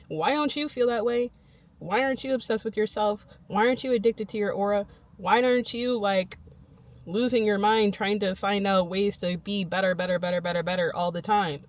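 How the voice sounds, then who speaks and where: A young woman vlogging to her channel, giving emphatic, repetitive pep talk and often laughing. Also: mid-range voice. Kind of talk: motivational self-talk to camera.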